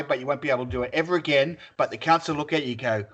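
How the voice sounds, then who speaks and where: A man's voice: on the high side, rapid-fire, hardly any pauses, a bit bright. An Australian man co-hosting a podcast, bantering and joking crudely with lots of swearing. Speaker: podcast co-host. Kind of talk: casual banter.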